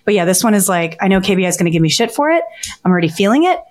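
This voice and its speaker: Animated woman telling a wild dream story. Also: mid-range voice, very fast. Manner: animated storyteller, swears freely, laughs while talking. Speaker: podcast co-host.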